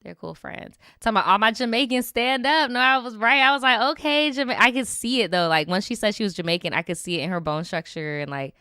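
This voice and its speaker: A young woman talks straight into a close, dry mic. Her voice is bright and smooth. She reads viewer stories and reacts with animated, slangy, sarcastic asides. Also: fairly high pitch, fast, hardly any pauses, no echo. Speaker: streamer reading viewer stories. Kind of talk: casual storytime commentary.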